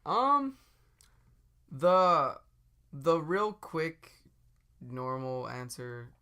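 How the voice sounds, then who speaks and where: A man's voice: a little high, big pitch swings, bright, forceful tone, smooth. A man co-hosting a comedy podcast, chatting casually and teasing his partner. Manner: teasing, quick to laugh along. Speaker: podcast co-host.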